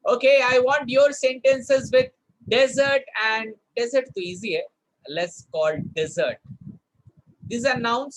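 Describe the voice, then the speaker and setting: A man's voice: very high-pitched, rough recording. A man teaching vocabulary in an online class, repeating words to drill their pronunciation and switching into Hindi to explain. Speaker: spoken English teacher.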